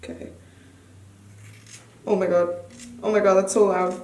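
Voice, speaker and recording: A woman's voice: medium pitch, little pitch movement, a little slow, darkish tone. A woman chatting casually to camera at home, nervous and giggly, often exclaiming. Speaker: beauty vlogger. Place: room at home. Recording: echoey room, mic a bit distant.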